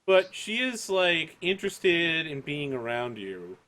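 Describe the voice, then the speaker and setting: A man's voice: a little high, big pitch swings, takes it slowly, bright, forceful tone. A young man as game master, chatting and acting out lines from the table. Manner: chatty, acts out quoted lines.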